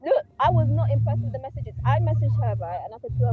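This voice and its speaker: A woman's voice: sits high, animated, fast talker, narrow, tinny audio, noisy background. A woman, bluntly telling a story on a podcast and swearing freely. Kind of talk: animated storytelling chat.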